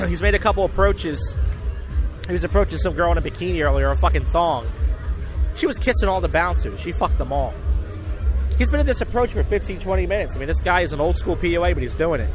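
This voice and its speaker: A man from Philadelphia rambling profanely through a casual vlog recap outside a bar, breaking into bursts of shouting. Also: fairly high pitch. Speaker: vlogger. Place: outdoors outside a bar at night. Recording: loud background music outdoors. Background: loud music and traffic.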